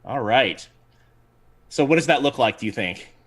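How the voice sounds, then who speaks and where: A man running a tabletop game as game master, narrating scenes and rulings in a playful, animated way. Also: medium pitch, moderate pace.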